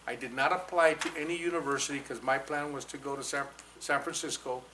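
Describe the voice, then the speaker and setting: A man in his sixties from New Mexico, telling an animated personal story to a live audience at a college fireside chat and slipping into Spanish for quoted lines. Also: medium pitch, a little fast, a little hiss or hum, rough recording. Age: 60s. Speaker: guest speaker. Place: college event hall with audience.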